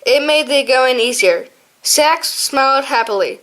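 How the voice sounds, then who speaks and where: A woman's voice: sits high, animated, a little slow, a bit bright. A woman reading an audiobook aloud, often stumbling and restarting words. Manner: frequent slips and restarts. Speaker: audiobook reader. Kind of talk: amateur audiobook narration.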